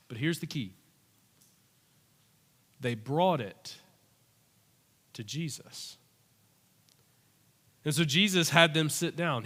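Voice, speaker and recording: Animated, bright-voiced male pastor. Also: on the high side. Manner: animated storytelling, acting out voices. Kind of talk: sermon. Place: church. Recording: long church-hall reverb.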